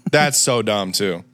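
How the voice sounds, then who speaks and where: A man's voice: mid-range voice, fairly bright tone, dry recording. A man chatting casually while reacting to a movie, with sarcastic, laughing, swearing asides. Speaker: movie commentator.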